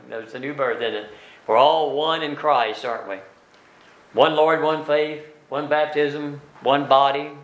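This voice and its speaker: Man teaching bible class, slow with lots of uh's and tag questions, echoey room. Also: fairly high pitch, steady tone, a bit bright. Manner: slow and deliberate, with many fillers, tag questions and emphatic scripture readings.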